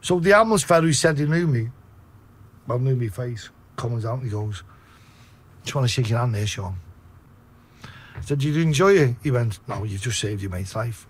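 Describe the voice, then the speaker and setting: Husky Liverpool man telling a story. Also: mid-range voice, animated, moderate pace, long pauses. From Liverpool, England. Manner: swears freely and acts out his own shouting. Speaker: guest telling his story. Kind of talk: casual storytelling.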